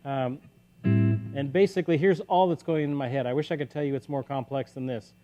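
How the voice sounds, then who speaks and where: Guitar playing sits behind a livestream host and guitar teacher as he loosely runs a casual lesson, counting beats aloud as he plays. His mid-range voice is steady and a little fast, and the sound is lo-fi.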